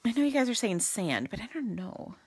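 A woman's voice: a little high, sing-song, a little fast, slight background noise. A woman hosting a casual live card-making demo, chatty and goofy, talking to viewers and muttering to herself as she works.

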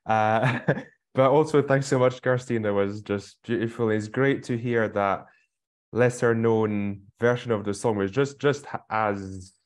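Hesitant low-voiced academic man. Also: unhurried. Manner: hesitant, many fillers and restarts. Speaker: poet and researcher. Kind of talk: casual spoken introduction.

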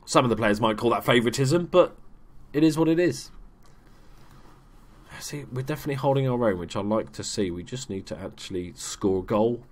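Guy, young adult, casual gaming commentary, chatty, self-mocking, swears when excited. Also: medium pitch, a little fast. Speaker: gaming YouTuber. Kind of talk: casual let's play commentary.

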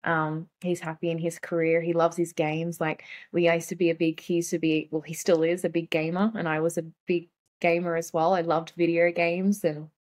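Soft, halting woman guest. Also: on the low side, little pitch movement. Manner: soft-spoken, halting, with many fillers. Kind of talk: casual conversation.

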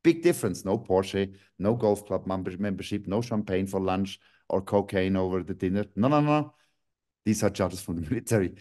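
A man speaks over a video call link. He rants angrily, swears freely and bursts out in sharp, emphatic jabs. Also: deep voice, normal speed. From Switzerland. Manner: angry, ranting, swearing, with sudden outbursts. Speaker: guest. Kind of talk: online video call interview.

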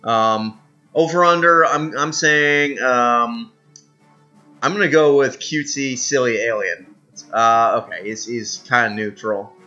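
A man's voice: mid-range voice, unhurried, bright, forceful tone, highs cut off, faint music behind. Rambling man commenting on a strategy game. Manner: rambling, many fillers and restarts, self-mocking. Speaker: gaming video host.

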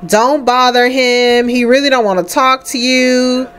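Her voice is high and a little slow. This woman hosts a life-sim let's play, chatting in a lively, casual way, often laughing and addressing her characters directly.

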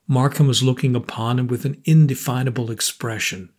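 A man reading a classic story aloud as an audiobook narrator, in a measured storytelling manner. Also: mid-range voice, steady tone, a little mellow, husky. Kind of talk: scripted narration.

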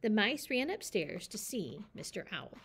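A woman reading a children's picture book aloud with a lively, expressive delivery. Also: medium pitch, a little slow, slight background noise. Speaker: storyteller. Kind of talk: children's story read-aloud.

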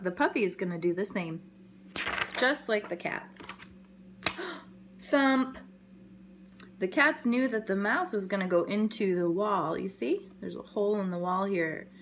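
Slow, gentle woman reading a picture book aloud. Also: medium pitch, slight background noise. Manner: gentle, expressive storytelling with sound effects. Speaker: early childhood educator.

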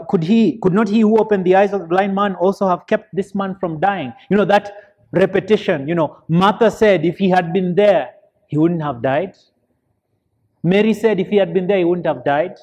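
Male deacon, church Bible study; slow, deliberate delivery, emphatic, draws answers from the congregation. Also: sits high, a little mellow. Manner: asks the listeners fill-in questions; earnest, emphatic preaching.

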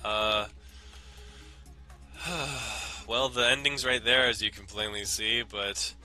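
A man's voice: lowish voice, fairly even intonation, slow, sharp tone. A young man casually commenting on his gameplay in a rambling, jokey way, swearing often. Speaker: let's play host. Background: faint game music.

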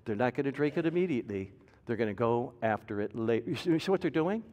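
A man preaching a sermon as pastor, with a dynamic delivery that swings from loud emphasis to soft, low asides. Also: lively intonation, fast talker, dull audio. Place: church sanctuary. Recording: reverberant church hall.

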